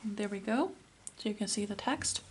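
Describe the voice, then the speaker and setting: A woman giving a spoken tarot reading, soft and earnest, with many fillers. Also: mid-range voice, normal speed, slight background noise. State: tearful, emotional. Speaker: tarot reader.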